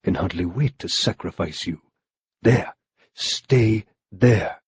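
A man voicing a cruel male villain priest who mutters quietly and gloats, in an audiobook reading. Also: sits low, takes it slowly, husky, voice pushed down, exaggerated voice. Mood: muttering.

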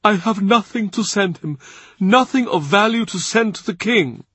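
A man's voice: high voice, expressive, moderate pace, sharp tone, slightly rough, no room sound, pitched above the performer's own voice, exaggerated voice. Aging churchman, emotional and pleading, read by a man in a lifted voice.

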